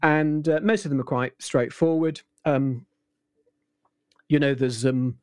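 A man in his sixties, an impressionist, telling anecdotes in a relaxed, rambling interview with many restarts. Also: mid-range voice, normal speed, dry recording, studio quality. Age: 60s. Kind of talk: casual interview chat.

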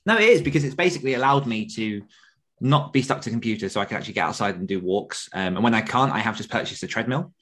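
A man's voice: lowish voice, animated, fast, a bit bright. A man co-hosting a podcast in casual chat, teasing dryly and explaining at length. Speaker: podcast co-host.

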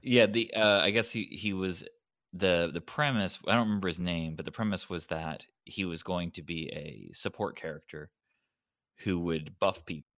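Low-voiced man with dry humor. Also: normal speed, a bit bright, dry recording. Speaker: tabletop game player. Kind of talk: casual podcast chat.

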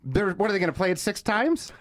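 Man, podcast co-host, casual profane storytelling, lively pitch, dry close sound. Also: fast talker, no echo. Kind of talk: casual chat.

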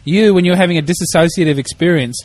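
A man's voice: a little high, fast talker, darkish tone, dry recording. A man co-hosting a comedy podcast, bantering in a playful, teasing way. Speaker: podcast co-host.

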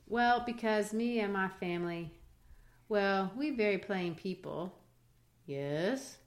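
A woman's voice: medium pitch, animated, slow pace. A woman reading out the hesitant lines of a humble working-class husband in a play.

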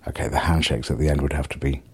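Deep-voiced, husky man, middle-aged, for a rambling, sweary solo vlog. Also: steady tone, fast talker. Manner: rambling, self-mocking, sweary. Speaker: vlogger. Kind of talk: casual solo video diary.

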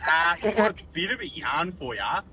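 A man's voice: fairly high pitch, sing-song, moderate pace, pushed and bright, slight background noise, low-quality recording. A man with an Australian accent sending in a voice message, telling a long crude joke in a laddish, sweary way.

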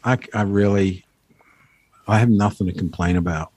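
Relaxed man, fairly low and dry. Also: no room sound. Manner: relaxed, reflective, halting restarts. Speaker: guest, filmmaker and former band member. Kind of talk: casual interview chat.

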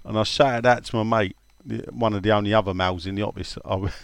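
A man's voice: fairly low pitch, steady tone, quick pace, creaky, clean tone, dry recording. A man hosting a casual podcast, reading out listener questions and telling funny stories with frequent laughter. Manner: chatty storyteller, laughs often. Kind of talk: casual chat.

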